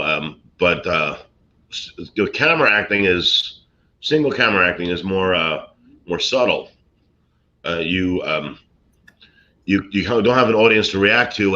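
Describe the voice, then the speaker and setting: A middle-aged man from Brooklyn tells showbiz stories in a rambling, easygoing way, circling back with restarts and fillers. His voice sits fairly low but has a tense, bright edge. The recording sounds dull and lo-fi. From Brooklyn, USA. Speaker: actor and comedian guest. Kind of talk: casual chat, anecdotes.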